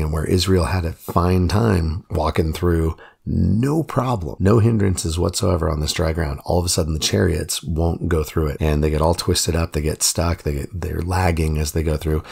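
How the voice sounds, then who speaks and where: A man with a deep, low voice reflects on a Bible passage in an earnest, conversational way. His tone is gravelly and a little husky. He sounds like a pastor talking through a reading with his listeners.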